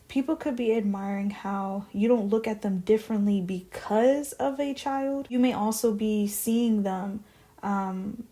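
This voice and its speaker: A woman giving a casual tarot reading, musing aloud and whispering the card names as she draws them. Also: mid-range voice. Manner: musing, chatty, drifts into soft whispers when drawing cards.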